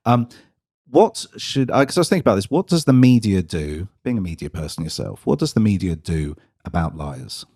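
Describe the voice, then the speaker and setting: A man co-hosting a podcast who asks a guest a question in a halting way, restarting as he goes. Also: low-pitched, very animated, mellow, husky. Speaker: podcast co-host. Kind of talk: casual interview questions.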